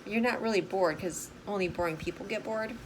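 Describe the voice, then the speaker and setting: A woman's voice: medium pitch, brisk, background noise. Bubbly older woman chatting about crafts. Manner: bubbly, chatty, lots of "super" and "right?". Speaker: art journaling vlogger. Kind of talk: casual craft tutorial.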